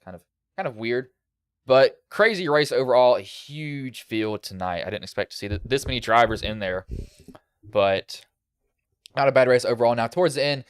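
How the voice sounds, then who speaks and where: A man's voice: lowish voice, clean tone, no room sound, studio quality. A male sim racing broadcaster with a slight country lilt, giving a casual, rambling post-race recap over a headset.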